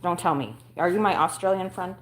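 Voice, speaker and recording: A woman's voice: fairly low pitch, a little fast, slight background noise, poor audio. A woman hosting a casual livestream from home, chatting with viewers in a playful, self-mocking way. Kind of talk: casual chat.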